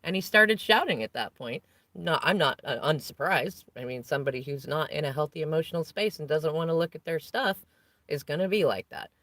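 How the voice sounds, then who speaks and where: A woman's voice: sits low, lively intonation, a little fast, a bit bright, no echo. Woman venting from a parked van. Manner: venting, recounting a family conflict in a long, rambling flow. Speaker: vlogger. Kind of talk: unscripted personal rant.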